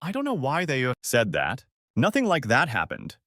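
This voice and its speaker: A man's voice: mid-range voice, huge pitch swings, normal speed, fairly bright tone, dry recording, clean studio sound. A man voicing an adult wife who stammers defensively and pleads through tears. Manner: stammering, defensive then sobbing.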